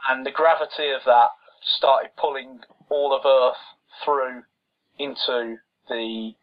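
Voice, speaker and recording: A man's voice: mid-range voice, steady tone, slow. A man co-hosting a casual film chat, exasperated and sarcastic, picking apart the plot and mimicking characters. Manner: exasperated, sarcastic, mocks characters in quoted voices. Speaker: podcast co-host. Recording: dull lo-fi audio.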